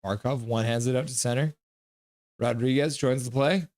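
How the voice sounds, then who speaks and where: A man's voice: mid-range voice, dry recording, clean studio sound. Man calling hockey play-by-play. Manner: brisk play-by-play, breaks into loud cheers. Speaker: live stream host calling the game. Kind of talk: live reaction play-by-play.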